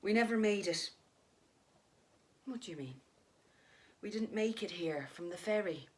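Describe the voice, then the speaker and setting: A woman voicing a dead husband who speaks calmly and patiently to his frightened wife. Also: medium pitch, a little slow, lightly acted. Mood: soothing. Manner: soothing, patient. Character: calm ghostly husband, gentle and soothing. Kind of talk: dramatic story reading.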